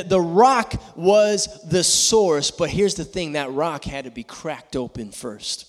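A man preaching as a guest pastor, building to loud emphatic peaks and then dropping low and slow. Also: in a large hall. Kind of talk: sermon. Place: church sanctuary.

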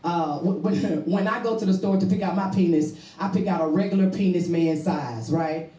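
A woman's voice: fairly low pitch, moderate pace, recorded from a distance. Female stand-up, brash and raunchy, live club recording with roomy echo. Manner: brash, bawdy, repeats punchlines. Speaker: stand-up comedian. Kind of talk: stand-up comedy set. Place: comedy club stage before a live audience. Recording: roomy live recording from off-mic, loud audience laughter.

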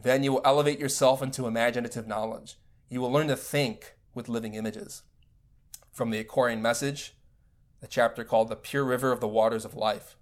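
Male spiritual teacher, mid pitch, measured lecture delivery. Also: fairly even intonation.

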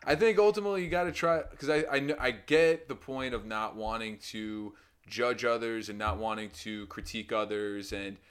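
A man co-hosting a podcast in casual chat, talking in a loose, animated way with lots of fillers and the odd curse. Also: moderate pace, hardly any pauses, clear, resonant tone. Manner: animated storyteller who acts out quotes with loud pitch jumps; swears casually, many fillers like "you know" and "man". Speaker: podcast co-host.

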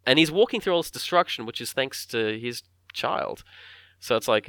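A man casually talking through a film scene by scene, often acting out characters' lines in quick voices. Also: mid-range voice, expressive, fairly bright tone, dry recording, studio quality.

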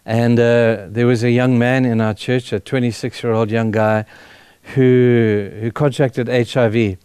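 A man's voice: medium pitch, little pitch movement, a little mellow, clear, resonant tone, no room sound. A middle-aged man, a pastor, giving a sermon as a personal testimony, speaking earnestly and with feeling, often breaking off and restarting his sentences. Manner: earnest, emotional storytelling with halting restarts.

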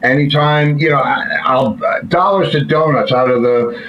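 A man's voice: on the high side, normal speed. A man hosting a casual chat, telling jokes in a folksy, rambling way with restarts. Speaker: podcast host. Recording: slightly dull lo-fi audio with faint noise.

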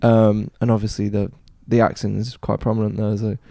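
A man's voice: lowish voice, flat delivery, a little fast, gravelly, warm tone, no echo, clean studio sound. A man from northern England with a Northern English accent, a guest musician chatting in a friendly, easygoing way. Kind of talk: casual chat.

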